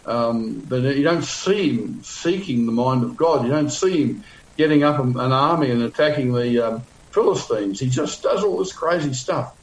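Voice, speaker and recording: A man's voice: mid-range voice, animated, moderate pace, echoey room, low-quality recording. A male pastor teaching a Bible passage in a sermon, conversational with frequent fillers, restarts and wry asides.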